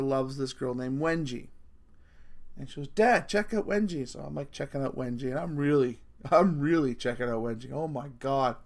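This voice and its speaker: A middle-aged man talks straight to his viewers in a loose, rambling rant, sprinkling in curses and chuckling at his own jokes. His voice sits a little higher than most men's. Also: vocal fry. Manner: rambling, profane, laughing at himself. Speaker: vlogger. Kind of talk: casual rant to camera.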